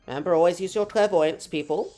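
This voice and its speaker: A woman's voice: fairly low pitch, quick pace, warm tone, soft background music. A woman hosting a live gameplay stream, chatting with her audience in a rambling, self-mocking way. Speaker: gaming streamer.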